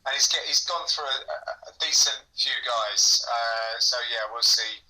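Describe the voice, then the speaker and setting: Very bright male podcast voice. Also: medium pitch, moderate pace, low-quality recording. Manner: reflective, hesitant with fillers. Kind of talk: casual sports chat.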